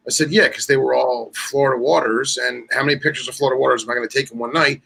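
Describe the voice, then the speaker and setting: A man's voice: mid-range voice, quick pace, creaky, hardly any pauses, husky, poor audio. A man in casual chat on a podcast, telling stories with lots of fillers and restarts, acting out the dialogue of other people. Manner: animated storyteller acting out quoted dialogue; loose, with many fillers and restarts. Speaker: podcast co-host.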